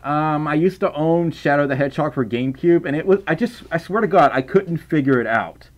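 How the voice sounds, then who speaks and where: A man with a softened Southern US accent, reading donations on a live stream in casual chat, rambling, stammering over repeated words, and laughing often. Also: a little high, fairly quick. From Southern United States.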